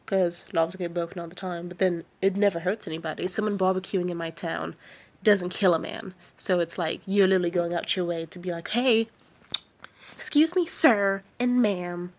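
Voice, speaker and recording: A woman's voice: fairly low pitch, little pitch movement, fairly quick, a little mellow. A tired woman from the San Francisco Bay Area, ranting late at night in a heated, profane, rambling way. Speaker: vlogger.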